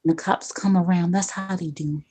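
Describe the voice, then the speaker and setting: A woman's voice: lowish voice, steady tone, moderate pace, dark tone. A woman in a casual chat, talking in a rambling, conversational way with emphatic repeats.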